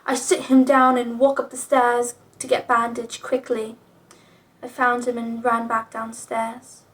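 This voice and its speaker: High-voiced snarky young woman. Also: completely flat delivery, unhurried, fairly bright tone. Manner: profane, snarky asides. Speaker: video creator reading fanfiction. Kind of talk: casual reading with commentary.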